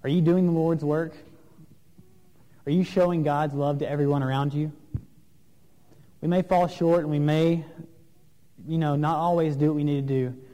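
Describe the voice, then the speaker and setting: A man's voice: fairly high pitch, fairly even intonation, dark tone. Earnest man preaching in a reverberant church. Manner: earnest, questioning, with pauses and fillers. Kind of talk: sermon. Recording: long reverb of a large room.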